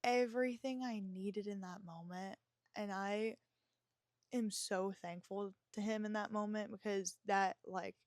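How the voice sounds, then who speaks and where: A woman's voice: mid-range voice, fairly even intonation, measured pace, dry recording, clean studio sound. A young woman hosting a podcast, telling a personal story in a frank, emotional way, swearing freely and using lots of fillers. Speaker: podcast host.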